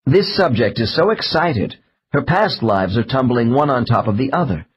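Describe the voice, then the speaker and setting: A man narrating an audiobook in a measured, slow reading of case transcripts. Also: medium pitch, animated, a little hiss or hum. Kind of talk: scripted narration.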